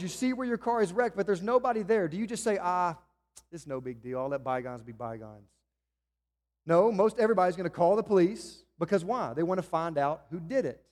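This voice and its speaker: A man preaching in a church, his voice pitched high for a man. He builds his points through earnest, emphatic rhetorical questions. The sound carries a long reverb, as from a large sanctuary. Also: darkish tone. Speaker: pastor. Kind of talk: sermon.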